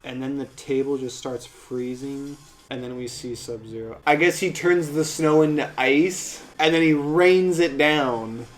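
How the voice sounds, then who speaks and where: A man's voice: mid-range voice, measured pace, hardly any pauses. Casual male movie reviewer, chatty. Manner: conversational, says "like" a lot, swears when annoyed. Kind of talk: casual recap and commentary.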